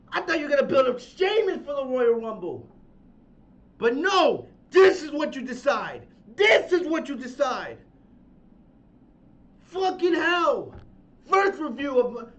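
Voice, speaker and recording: A man hosting a wrestling review podcast, ranting angrily with shouting, exasperated questions and profanity. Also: very high-pitched. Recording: dull lo-fi sound.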